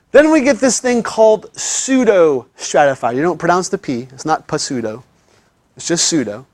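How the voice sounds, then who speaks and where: Guy teaching a class, kinda high voice, dry sound, chatty and keeps asking if everyone's following. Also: no room sound. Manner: chatty, checks in with students often. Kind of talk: classroom lecture.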